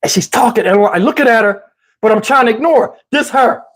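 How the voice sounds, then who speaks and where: A man casually telling a personal story, animated and slangy, often breaking into laughter, on a lapel mic. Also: very high-pitched, brisk. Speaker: channel host telling a story. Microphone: wireless lapel mic.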